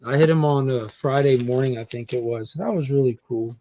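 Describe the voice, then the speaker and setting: A man in casual livestream chat, telling a haggling story and acting out the quotes in an animated way. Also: medium pitch, brisk, no echo, studio quality. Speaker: comic collector guest.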